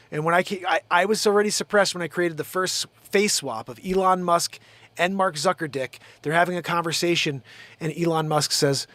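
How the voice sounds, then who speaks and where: A man's voice: fairly high pitch, fairly bright tone, no echo. A man hosting his own show, ranting in a heated, profane, rambling way. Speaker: show host. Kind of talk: live-stream rant.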